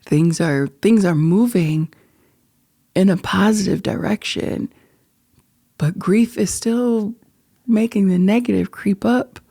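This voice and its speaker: A woman's voice: mid-range voice, creaky, dark tone, slightly rough. A middle-aged woman hosting a podcast, talking through personal feelings in an earnest, emotional way that often drops to a whisper. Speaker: podcast host. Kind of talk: personal reflective monologue.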